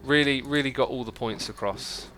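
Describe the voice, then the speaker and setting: A man's voice: medium pitch, normal speed, bright, forceful tone, soft background music. A man hosting a livestream, chatting casually and thinking aloud while he builds, reading out viewer messages as he goes. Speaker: livestream host. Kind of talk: casual chat while playing a building game.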